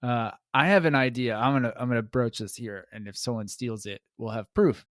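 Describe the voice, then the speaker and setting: A man hosting a podcast, chatting casually with playful, quick jokes. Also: medium pitch, steady tone, fairly bright tone, dry recording, studio quality. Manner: joking, playful, quick riffs. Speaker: podcast host. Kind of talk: casual conversation.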